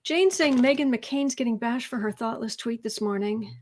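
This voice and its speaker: A woman with a Southern accent talks her way through a casual livestream, reading out viewer comments and tossing off sarcastic asides. Her voice sits a little high, and she slips into soft murmurs while she shuffles her cards. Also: moderate pace. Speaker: tarot reader and livestream host.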